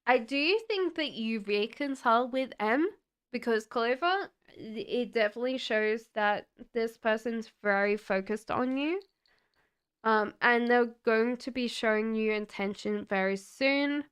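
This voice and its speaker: A woman doing live-stream tarot readings, talking to chat viewers in a relaxed, chatty and reassuring way. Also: on the high side, unhurried, clear, resonant tone. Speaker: tarot reader.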